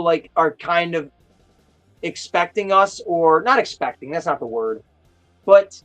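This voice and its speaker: A man hosting a casual live stream, chatting in a rambling, excitable storytelling way. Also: high voice. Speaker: host of a toy chat live stream. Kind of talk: casual chat.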